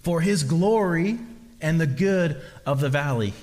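A man's voice: a little high, expressive, measured pace, darkish tone. A man preaching a sermon as pastor, emphatic and repetitive, often restarting his phrases. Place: church hall. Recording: long reverb of a large hall.

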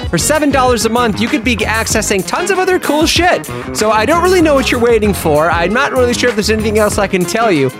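A young adult man co-hosting a podcast, joking around and a little tipsy from champagne. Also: high voice. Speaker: podcast co-host. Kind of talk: casual comedic chat.

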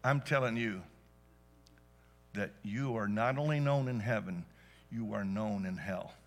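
A man preaching a sermon to a church congregation, telling stories and rising to loud emphatic peaks. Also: lowish voice, unhurried, faint music behind. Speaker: pastor. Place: church service.

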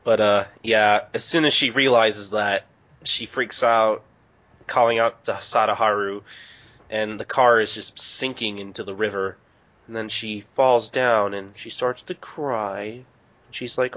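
A man's voice: lowish voice, steady tone, a little slow, a bit bright. A man co-hosting a podcast, recapping a manga in a laid-back way with many "uh" fillers. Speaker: podcast co-host. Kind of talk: casual chat recapping a manga. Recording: dull lo-fi podcast recording.

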